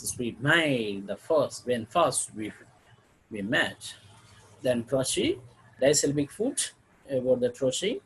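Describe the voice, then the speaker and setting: A man with an Indian English accent teaching a lesson on poetry, reading verse examples aloud and explaining them haltingly, often clearing his throat. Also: medium pitch, poor audio. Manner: slow and halting, with frequent fillers and throat clearing. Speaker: literature teacher.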